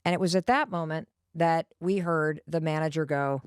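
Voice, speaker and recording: A woman host telling a personal story in a lively, animated, confiding way, talking straight to the listener. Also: low voice, moderate pace, hardly any pauses, smooth, no echo, studio quality.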